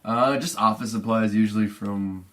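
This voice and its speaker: A young man guesting on a podcast, talking haltingly in casual chat. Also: fairly low pitch, fairly even intonation, fairly bright tone. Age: young adult. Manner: hesitant, halting.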